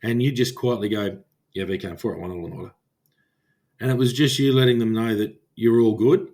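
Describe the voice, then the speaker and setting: A man's voice: fairly low pitch, a little fast, a little mellow. A man with an Australian accent, a former police officer co-hosting a podcast and telling stories in casual chat, acting out old radio calls as he goes.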